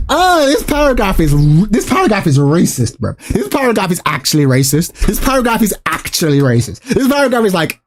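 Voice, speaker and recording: A man's voice: high voice, sing-song, fairly quick, few pauses, slight background noise. A man streaming, ranting to his chat with exasperated, repetitive, swearing commentary.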